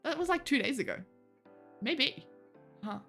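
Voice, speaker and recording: Woman streamer, casual, swears and laughs a lot, talks to chat; voice sits a bit high and moves around a lot. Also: animated, a little slow, creaky, bright, forceful tone, soft background music. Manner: chatty, laughs often, swears casually, reads chat aloud. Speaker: livestreamer. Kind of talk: casual chat with live viewers.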